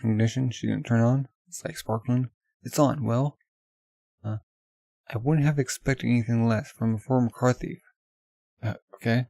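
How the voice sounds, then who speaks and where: A man's voice: medium pitch, a little slow, gravelly, pauses often, warm tone, no room sound. A man casually reading a manga aloud in a loose, offhand way full of fillers. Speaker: manga reader.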